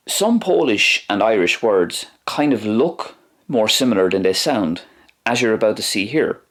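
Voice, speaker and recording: A man's voice: lowish voice, lively intonation, measured pace, a bit bright. A man teaching a language lesson, pronouncing words carefully and repeating each one.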